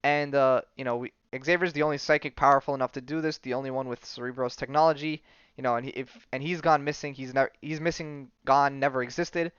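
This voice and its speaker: A man hosts a podcast and recaps a comic storyline in a loose, rambling way, full of fillers and sudden little character voices. His voice is smooth and clear at a middle pitch. The sound is dry and close, through a slightly dull, lo-fi mic. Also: fairly even intonation, fast talker, a bit bright, dry recording. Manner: rambling storytelling with many fillers, briefly acting out characters' lines. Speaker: podcast host. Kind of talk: casual comic book recap.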